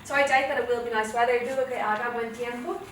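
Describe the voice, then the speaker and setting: A woman's voice: on the high side, fairly even intonation, fast. Irish woman teaching in an echoey classroom. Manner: chatty, explains step by step with frequent "okay?" checks. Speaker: Spanish teacher. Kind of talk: classroom revision lesson. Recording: echoey classroom from far off, faint noise.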